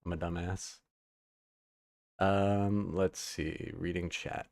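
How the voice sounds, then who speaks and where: Slow, low-voiced profane male streamer. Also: level tone, vocal fry, darkish tone, no echo, studio quality. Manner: loose, profane and rambling, reads chat aloud. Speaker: podcast host. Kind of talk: casual live-stream chat.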